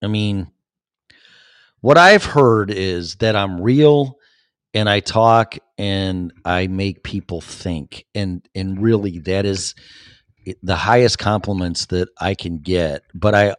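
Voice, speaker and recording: A man's voice: low-pitched, takes it slowly, no room sound, clean studio sound. Rambling fifty-something man hosting a podcast. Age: 50s. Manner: rambling, talks to chat, many fillers and restarts. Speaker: podcast host. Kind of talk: casual chat reading live comments.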